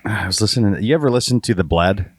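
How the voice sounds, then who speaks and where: A low-pitched man chats loosely on a podcast, joking and restarting his sentences. His voice sits close to the mic and sounds dry, with no room echo around it. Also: quick pace, breathy edge. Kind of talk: casual podcast banter.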